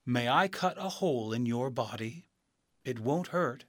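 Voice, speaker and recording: A man voicing a kindly old balloonist wizard in a storybook reading, gentle and slow. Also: medium pitch, expressive, no room sound, clean studio sound, lightly acted.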